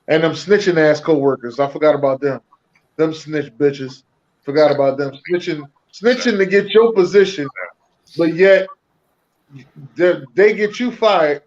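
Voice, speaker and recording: Ranting man with a slightly high, dull lo-fi voice. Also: moderate pace, a little mellow. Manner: profane, ranting, joking. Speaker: podcast co-host. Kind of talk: casual podcast chat. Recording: dull lo-fi audio.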